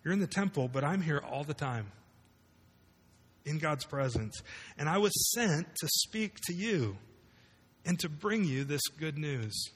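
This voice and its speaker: A man's voice: fairly high pitch, lively intonation, a little slow, long pauses, fairly bright tone, slightly rough, long reverb tail. A man preaching a sermon to a room of listeners, conversational and full of rhetorical questions. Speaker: pastor. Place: large room with congregation.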